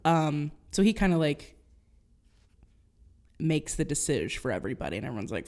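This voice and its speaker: A woman's voice: sits low, big pitch swings, normal speed, pauses often, darkish tone. A young woman co-hosting a podcast in casual chat, retelling stories and acting out quotes in silly voices. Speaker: podcast co-host.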